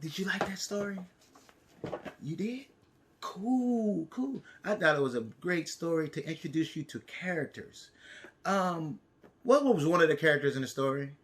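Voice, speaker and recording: A male teacher reading a picture book aloud and teaching young children, playful and animated, talking to the kids. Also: on the high side, moderate pace.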